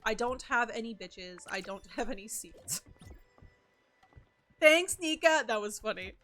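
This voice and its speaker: A young woman livestreaming a game, excitable and foul-mouthed as she chats with her viewers. Her voice is high and bright, with a quick, bouncy delivery. She keeps the talk loose and casual. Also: a little hiss or hum. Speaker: streamer.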